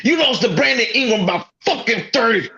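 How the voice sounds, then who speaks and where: A man's voice: very high-pitched, animated, brisk, pushed and bright, highs cut off. A man co-hosting a sports talk show, ranting in an exasperated, profane way. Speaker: podcast co-host. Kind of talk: heated sports rant.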